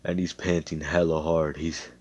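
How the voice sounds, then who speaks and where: A young man tells a fan story in a loose, rambling way, full of slang and swearing. His voice sits low. The sound is dry and close. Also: flat delivery, normal speed, a little mellow, dry recording. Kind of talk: casual fan story narration.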